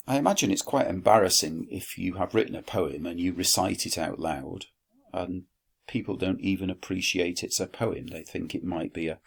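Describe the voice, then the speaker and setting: Male teacher, deep gravelly voice, unhurried delivery, dry wit. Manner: dry wry asides, slow deliberate explanation. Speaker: Latin teacher. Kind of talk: recorded classroom lesson.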